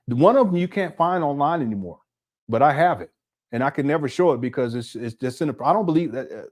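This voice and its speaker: A man's voice: a little high, expressive, quick pace, darkish tone. Indignant man hosting reaction commentary. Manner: indignant, talks straight to viewers. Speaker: commentary channel host. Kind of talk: reaction commentary on video clips.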